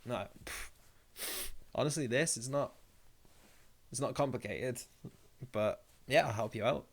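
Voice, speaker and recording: Medium-pitched with vocal fry, a young man keeps a measured pace while hosting a laid-back live stream. He voices viewer comments and rambles in response, adding jokey asides.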